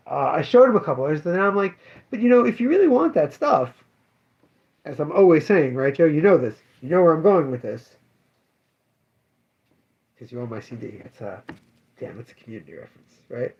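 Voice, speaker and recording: Rambling shop owner, lo-fi sound. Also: male voice, fairly high pitch, very animated, fairly quick, darkish tone. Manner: rambling anecdotes with many fillers and self-corrections. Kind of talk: casual spoken daily update.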